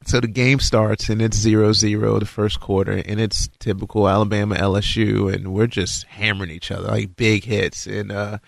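Man from Kentucky, ex-football player, low voice, dry close sound; spins a yarn with plenty of fillers. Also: moderate pace, gravelly, hardly any pauses, no room sound. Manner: lively storyteller who acts out quotes, frequent fillers. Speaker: former college and pro football player. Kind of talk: casual anecdote telling.

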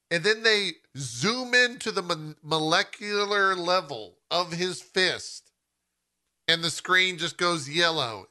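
Bright-toned man in eager chat. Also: high voice. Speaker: podcast co-host. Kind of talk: casual chat.

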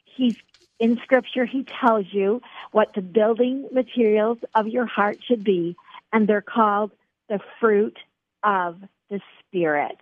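A woman's voice: medium pitch, fairly even intonation, slow, no room sound. A middle-aged woman guest on a faith radio interview, speaking earnestly and encouragingly to the host. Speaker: author and guest. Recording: tinny phone line.

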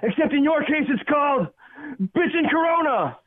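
A man's voice: very high-pitched, animated, moderate pace, phone-quality sound. A man calling in to a radio show, delivering a mocking comedic roast. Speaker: caller. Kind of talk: comedic rant call with singing.

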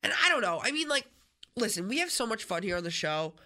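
A woman hosting a radio show in a studio, telling stories in an animated, chatty way with many restarts. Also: medium pitch, fast. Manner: animated storytelling, frequent restarts. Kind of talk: casual on-air chat.

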